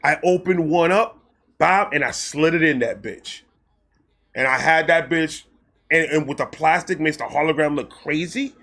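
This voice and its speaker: A man telling a personal story in a casual vlog, excitable, animated and full of profanity. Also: on the high side, moderate pace. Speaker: storyteller host.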